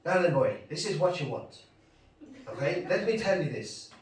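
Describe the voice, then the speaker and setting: A man's voice: fairly high pitch, big pitch swings, moderate pace, heavy reverb, far from the mic. A man putting on an Irish accent to play a pushy male pet shop owner giving blunt advice. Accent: Irish, put on.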